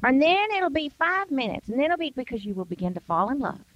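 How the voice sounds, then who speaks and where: Very animated and brisk, an older woman from the United States speaks in a high voice during an emphatic Christian devotional talk, acting out everyday excuses in quoted voices. The audio is dull and dry.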